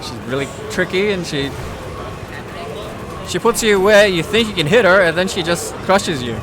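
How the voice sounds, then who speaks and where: A man giving brisk, matter-of-fact play-by-play on a fighting game match. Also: high-pitched, lively intonation, a crowd in the background. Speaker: co-commentator. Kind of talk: play-by-play commentary. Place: gaming tournament venue. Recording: noisy event room.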